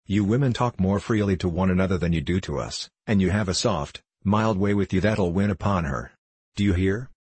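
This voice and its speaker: A man's voice: deep voice, brisk, a little mellow, slightly rough, no echo. A man voicing a cunning, cruel male dwarf who gives sly, menacing orders to his wife. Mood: threatening.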